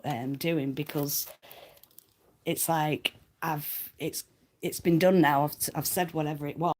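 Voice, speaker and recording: Low gravelly woman chatting. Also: darkish tone, slight background noise. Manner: rambling, self-deprecating, laughs often. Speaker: livestream host reading cards. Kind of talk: casual livestream chat.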